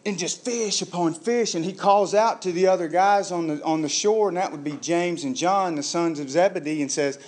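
A pastor preaching a sermon, telling the story vividly and acting out the voices of the people in it. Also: male voice, high voice, normal speed, few pauses, darkish tone.

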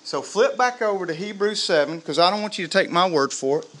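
A man preaching a sermon to a live congregation, lively and humorous, quizzing the crowd. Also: sits high, a little fast, slight background noise. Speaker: pastor.

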